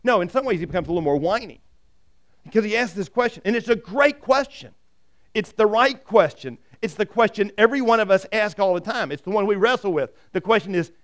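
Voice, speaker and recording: A man preaching a sermon with a fairly high voice. He is animated, often acts out quoted voices, and keeps asking the congregation rhetorical questions. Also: brisk. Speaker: pastor.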